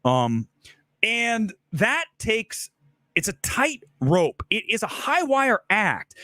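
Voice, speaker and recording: A middle-aged man hosting a live film talk show, blunt and profane, acting out the lines he quotes. His voice sits high for a man and swings widely in pitch. The sound is dry and close. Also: fairly bright tone, dry recording. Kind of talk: live solo commentary, ranting.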